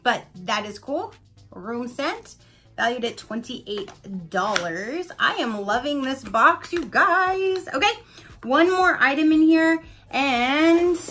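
A woman's voice: high-pitched, fairly bright tone. A woman reviewing an unboxing in a gushing, chatty way and addressing her viewers directly. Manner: gushing, chatty, many "like"s and "you guys". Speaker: unboxing vlogger. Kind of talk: casual product review.

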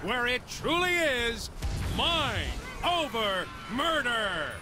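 Booming game show announcer. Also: male voice, big pitch swings, slow pace, over music, heavily acted. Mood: showy. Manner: booming showman delivery. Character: loud, hammy male game show announcer.

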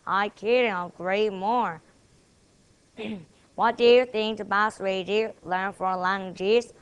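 This student presenter, a woman with a Korean accent and a smooth voice of medium pitch, carefully and deliberately runs through memorized English dialogues, taking on both roles in each one.

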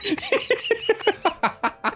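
A man's voice: very high-pitched, wildly swooping pitch, drawn-out words. A young man hosting a gaming video, bantering with friends over voice chat, laughing and swearing a lot. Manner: joking, laughing often, swearing. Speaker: gaming channel host. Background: background music.

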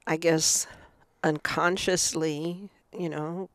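A woman's voice: sits low, steady tone, takes it slowly, no room sound. A middle-aged woman speaking frankly as a guest in a candid conversation. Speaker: guest, mother of the host.

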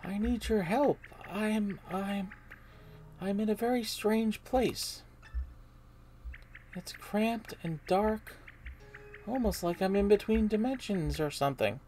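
A woman voicing a gentle young female origami spirit, trapped and timid, pleading softly and politely. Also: medium pitch, slow pace, pauses often, faint music behind, pitched above the performer's own voice. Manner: soft, polite, hesitant pleading.

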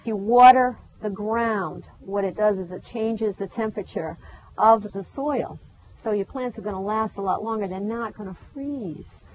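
A woman's voice: mid-range voice, moderate pace, darkish tone. Chatty New woman hosting outdoors. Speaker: gardening show host. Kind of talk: casual chat. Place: outdoors in a garden. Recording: dull lo-fi sound with faint background noise.

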